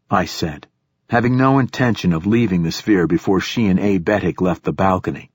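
A man narrating a first-person science-fiction audiobook in a measured, steady storytelling manner. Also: low-pitched, husky, dry recording, clean studio sound.

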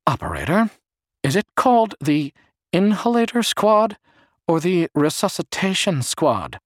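A man reading a story, voicing a pedantic, sly man in a high, slow, smooth voice with long-winded clinical phrasing. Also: big pitch swings, no echo, clean studio sound, exaggerated voice. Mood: fussy.

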